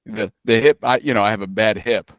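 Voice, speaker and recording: A man's voice: fairly low pitch, fairly quick, fairly bright tone, no room sound. A man co-hosting a podcast, chatting in a wry, laid-back way. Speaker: podcast co-host. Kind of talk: casual chat.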